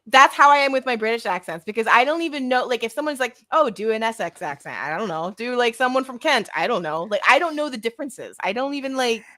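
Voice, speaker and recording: A woman's voice: fairly high pitch, expressive, sharp tone, no room sound. A woman from the United States co-hosting a podcast, chatting in a gushing, rambling way. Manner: gushing, rambling, quick to laugh. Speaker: podcast co-host. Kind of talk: casual chat.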